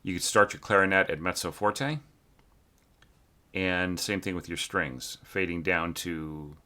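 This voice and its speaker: A man teaching orchestration, giving a casual critique of a score. He talks haltingly with many fillers and sings phrases to demonstrate. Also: deep voice, pushed and bright.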